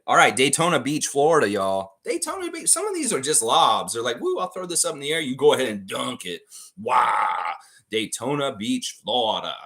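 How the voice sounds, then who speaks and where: Animated, bright-voiced male trivia host. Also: medium pitch. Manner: excitable, breaks into loud whoops and laughs, reads chat names. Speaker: host of a live trivia stream. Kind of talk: casual live-stream trivia hosting.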